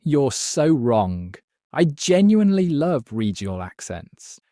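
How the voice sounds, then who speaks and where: A man playing a quiz contestant, confident and quick to object. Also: mid-range voice, sing-song, dark tone. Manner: confident, indignant. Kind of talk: casual banter.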